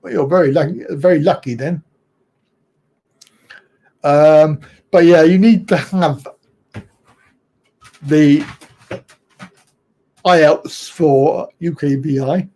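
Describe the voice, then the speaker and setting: A man's voice: on the high side, slow, pauses often, dark tone. A middle-aged man hosting a casual live chat, talking bluntly and ramblingly, and chuckling often at his own remarks. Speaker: livestream host.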